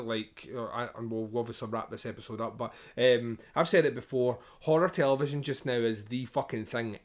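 Rambling man, casual podcast chat. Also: medium pitch. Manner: rambling, frequent fillers, swears casually. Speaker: podcast co-host. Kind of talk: casual chat about a TV show.

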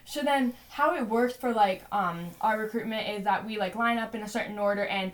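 A woman's voice: medium pitch, a little fast. A young woman in her twenties, a podcast co-host, telling a story in a chatty way, full of "like" and "you know". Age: 20s. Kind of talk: casual storytelling.

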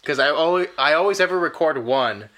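A man hosting a casual podcast chat, drifting into tangents with an easy chuckle. His voice is a touch high and notably bright. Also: animated, a little fast. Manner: musing, tangent-prone, chuckling. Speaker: podcast host.

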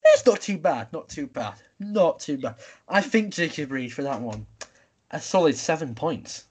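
A man's voice: on the high side, animated, moderate pace, slightly rough. A young man hosting a casual podcast chat, running a quiz game in an upbeat, announcing way. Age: young adult. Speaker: podcast host.

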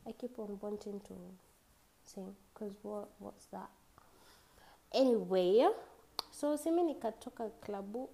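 A woman's voice: medium pitch, unhurried, vocal fry, pauses often, mellow, rough recording. A young woman with a Kenyan accent, hosting a podcast and telling a story in a chatty way. She mixes English with Swahili slang and laughs often. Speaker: podcast host. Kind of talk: casual storytelling.

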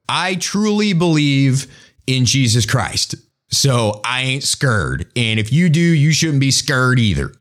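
A man hosting a casual opinion show, talking in a blunt, preachy and sarcastic way. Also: medium pitch. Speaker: show host.

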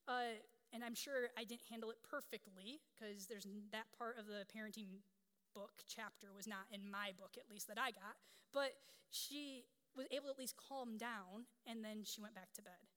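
A woman's voice: a little high, fairly bright tone. Candid woman pastor in echoing hall. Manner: candid, conversational storytelling. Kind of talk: sermon. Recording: long hall reverb.

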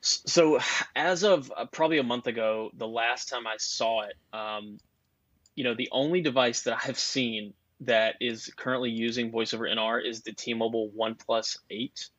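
A man's voice: medium pitch, fairly even intonation, moderate pace, fairly bright tone, no echo, lo-fi sound. A man on a podcast explaining phone networks in a rambling, casual way, full of fillers and restarts. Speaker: guest expert on cell networks.

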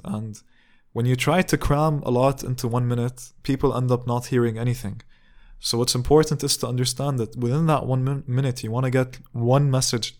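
A man's voice: mid-range voice, a little mellow. A young man in the middle of his voice range, recounting a personal story on his podcast. He talks earnestly and reflectively, often restarting his sentences and leaning on "you know" as he goes. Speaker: podcast host. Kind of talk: casual storytelling monologue.

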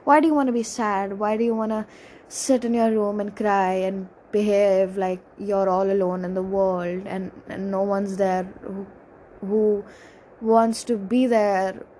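Young woman, slow halting confessional talk, mellow voice, faint background noise. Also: medium pitch, level tone, low-quality recording. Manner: halting, emotional, many restarts and pauses. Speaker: speaker sharing a personal story. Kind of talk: personal confessional monologue.

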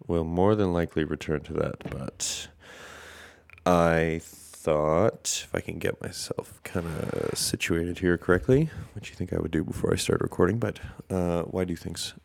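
A man with an extremely low voice talks through a casual podcast monologue, congested and breathing through his mouth. He rambles and hesitates with plenty of fillers and a tired, self-deprecating air. The sound is dry and close, with no room around it. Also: steady tone, measured pace, creaky, no room sound. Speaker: podcast host.

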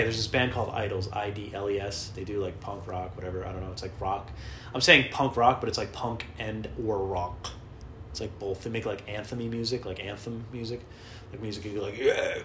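A man's voice: on the low side, a bit bright, slight background noise. A man telling a rambling, profane, self-deprecating story in a casual vlog. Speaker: vlogger. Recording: roomy with faint ambience.

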